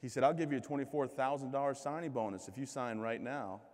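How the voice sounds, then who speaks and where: A man in his thirties, from the United States, gives a comedic keynote talk, ribbing himself as he tells his stories. His voice sits at an ordinary middle pitch for a man. The sound carries a long reverb, as if picked up in a large event hall. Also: steady tone, fast, darkish tone. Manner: joking, self-deprecating storyteller. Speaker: keynote speaker.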